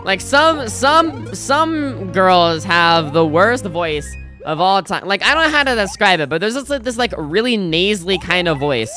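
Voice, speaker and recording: Young woman gaming streamer; bright tone, casual rambling chat, light music behind. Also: medium pitch, big pitch swings, measured pace, few pauses. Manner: rambling, self-interrupting, chatty. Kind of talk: casual gameplay commentary.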